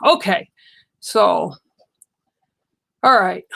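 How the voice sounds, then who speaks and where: An older woman talks in a chatty, reassuring way as she answers her viewers one by one. Her voice has a gravelly, creaky edge at a middling pitch. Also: a little slow, fairly bright tone. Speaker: livestream reader. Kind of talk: casual livestream talk with viewers.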